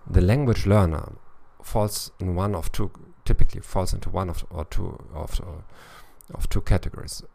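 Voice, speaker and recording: A man's voice: sits low, moderate pace, gravelly, few pauses, mellow. A man coaching language learners in a podcast monologue, thinking aloud and tacking on little tag questions. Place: lives in Eastern Europe.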